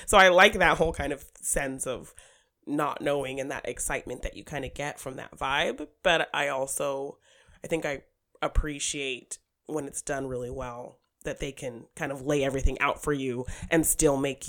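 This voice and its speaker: Animated, gravelly-voiced podcast co-host, casual and quick to laugh. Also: mid-range voice. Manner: upbeat, animated, laughs often. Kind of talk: casual film discussion.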